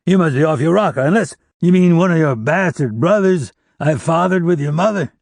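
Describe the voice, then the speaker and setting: A man voicing a tough, defiant captive who answers with loud sarcasm and insults. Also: fairly high pitch, animated, brisk, vocal fry, dry recording, pitched above the performer's own voice.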